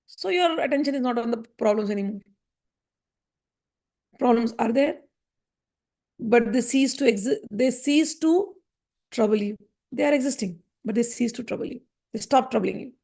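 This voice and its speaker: Woman, high voice, spiritual teacher, earnest, gently repetitive. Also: normal speed, creaky, long pauses. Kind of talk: spiritual discourse.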